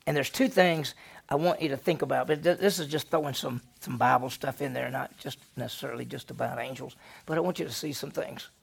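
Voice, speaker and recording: Gravelly-voiced man teaching a Bible lesson. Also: mid-range voice, fairly quick. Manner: animated storytelling, asks the class questions. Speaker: senior pastor.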